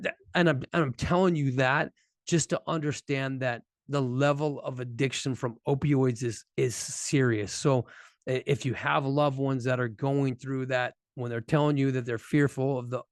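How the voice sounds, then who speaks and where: A middle-aged man giving an earnest personal testimony to a group, halting and restarting as he speaks. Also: mid-range voice, no room sound, clean studio sound. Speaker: speaker addressing first responders.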